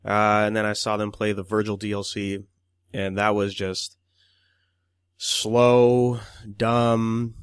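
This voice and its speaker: A man's voice: fairly low pitch, flat delivery, slow, clear, resonant tone, no room sound, clean studio sound. A man co-hosting a podcast in loose casual chat, swearing often and laughing as he quotes people. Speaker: podcast co-host.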